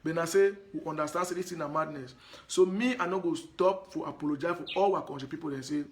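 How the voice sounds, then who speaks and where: A man's voice: fairly high pitch, fast. A man from Anglophone Cameroon with a Cameroonian Pidgin accent, talking to his viewers in a live stream monologue, emphatic and repetitive, often pleading with them. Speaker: live broadcaster.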